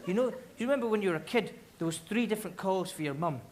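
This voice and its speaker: A Scottish man doing stand-up storytelling on a large concert hall stage with a stage mic, telling stories animatedly and breaking into loud shouted impressions, to a live audience laughing. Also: high voice, lively intonation, very fast, crowd noise, background noise. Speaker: stand-up comedian.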